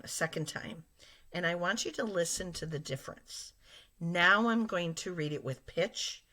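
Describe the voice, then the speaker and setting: A woman teacher giving a lesson to young children, explaining slowly and patiently and speaking straight to her class. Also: lowish voice, pushed and bright. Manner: slow, patient and explaining, addressing children directly.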